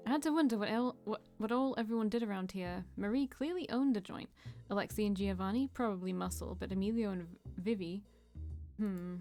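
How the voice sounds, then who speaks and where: A woman's voice: mid-range voice, brisk, dark tone, soft background music. A woman reading a visual novel aloud as a let's play, breaking off to chat and joke about the old slang. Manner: reads lines then chats and jokes about the slang.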